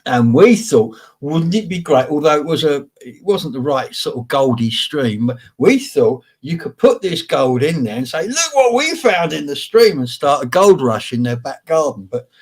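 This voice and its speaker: Lively chatty man hosting a live show. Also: mid-range voice, normal speed, few pauses, husky. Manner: chatty, greets viewers by name. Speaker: host. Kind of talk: casual live-stream chat.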